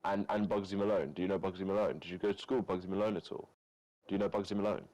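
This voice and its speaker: Man, very low voice, loud crude teasing banter, streamer. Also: steady tone, racing, dry recording, rough recording. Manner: loud, crude, teasing slang-heavy trash talk. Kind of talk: casual banter with friends on voice chat.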